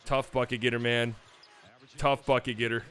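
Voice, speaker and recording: A man hosting a basketball channel, breaking down game highlights with playful, joking asides. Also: flat delivery, normal speed, fairly bright tone, clean tone. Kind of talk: game film breakdown commentary.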